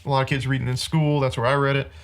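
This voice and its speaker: A man's voice: medium pitch, level tone, very fast. A man hosting a casual podcast, rambling through a rant about bad movies and laughing often.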